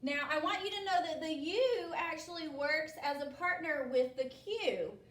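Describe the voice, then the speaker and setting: A woman with a high, somewhat bright voice leads a spelling lesson at a moderate speed, instructing patiently and asking "okay?" after every step. She comes across from a distance in a room with lots of echo.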